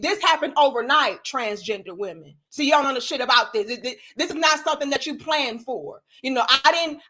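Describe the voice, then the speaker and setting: A young woman talks straight to her live-stream viewers in a blunt, profane rant. Her voice sits high and sounds bright and forceful. She keeps stressing her points emphatically.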